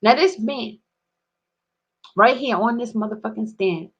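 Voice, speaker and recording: A woman delivering an angry, profane monologue to camera, swinging between loud outbursts and low muttering. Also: unhurried, husky. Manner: heated, profane ranting.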